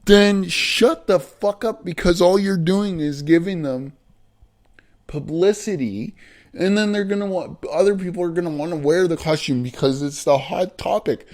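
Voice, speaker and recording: A man ranting bluntly in an opinion vlog, profane and emphatic, slowing down to hammer his points. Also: on the high side, mellow. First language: not American. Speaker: vlogger.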